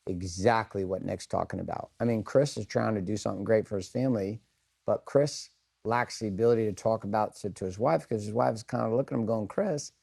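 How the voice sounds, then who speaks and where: A man's voice: lowish voice, fairly quick, vocal fry, darkish tone, husky. Blunt, profane middle-aged man addressing a room. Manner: asks the room questions and polls for raised hands. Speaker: speaker leading a group session. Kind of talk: candid motivational talk to a group.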